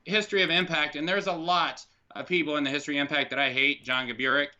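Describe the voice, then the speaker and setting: A man rants on a podcast, his voice piercingly bright and swearing freely in exasperation. He sounds like he is on a dull, lo-fi call line. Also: on the high side, fairly even intonation, quick pace. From United States. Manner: frustrated, profane ranting. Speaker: podcast co-host. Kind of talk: casual podcast chat. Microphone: online call mic.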